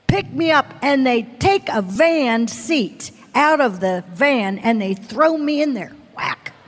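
High-voiced woman preacher, dramatic testimony. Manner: dramatic storytelling, acting out voices, shouting and whispering by turns. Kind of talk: testimony sermon. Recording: long hall reverb. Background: audience.

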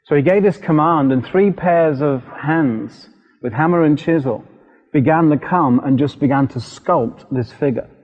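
A middle-aged British man preaching a sermon, telling a personal story in an animated, vivid way. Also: fairly high pitch, unhurried. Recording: dull lo-fi recording with long hall reverb.

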